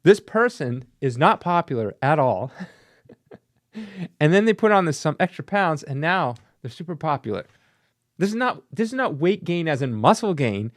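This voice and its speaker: A man with a voice on the high side, a comic book collector and YouTuber, gives casual, sarcastic commentary on vintage comic book ads and laughs at what he reads. The recording is dry and studio quality.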